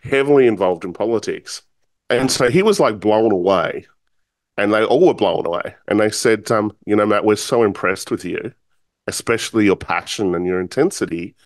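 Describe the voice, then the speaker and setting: A man with a fairly low voice tells a personal story with animation. He acts out the other people's lines as he goes. The sound is dry, with no room echo. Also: moderate pace. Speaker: speaker telling a personal story. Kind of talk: storytelling talk.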